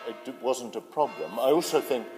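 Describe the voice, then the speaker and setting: An older British man, an actor, telling stories in an interview in a relaxed way, with fillers and restarts. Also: mid-range voice, a little fast. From Britain. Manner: relaxed storytelling with hesitant fillers. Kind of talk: interview anecdote. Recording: hall reverb with faint music.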